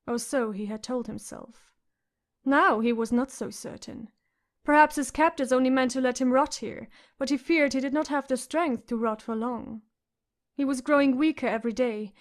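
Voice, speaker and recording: A woman narrating an audiobook in a measured, expressive way. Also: on the high side.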